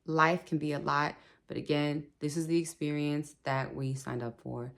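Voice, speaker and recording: Woman host, low voice, relaxed chatty spiritual pep talk to her viewers. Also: moderate pace. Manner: chatty, laughs often, repeats "okay", speaks to viewers directly. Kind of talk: casual spoken advice.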